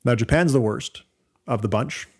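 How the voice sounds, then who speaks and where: A man's voice: mid-range voice, moderate pace, a little mellow, husky. A man with a Canadian accent co-hosting a podcast, explaining data step by step in casual chat with frequent fillers and restarts. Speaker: podcast co-host.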